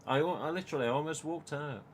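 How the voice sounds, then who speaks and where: A man's voice: on the high side, quick pace, a little hiss or hum. A man in his forties with an English accent, hosting a casual live-stream chat, swearing often and quoting his own words. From England. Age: 40s. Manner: animated, swears a lot, quotes himself. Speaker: host.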